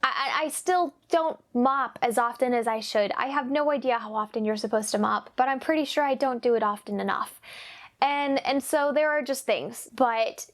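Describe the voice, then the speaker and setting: A woman's voice: on the high side, moderate pace. A young woman talking casually and earnestly as a parenting vlogger, confiding and repeating phrases for emphasis. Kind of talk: casual personal talk to camera.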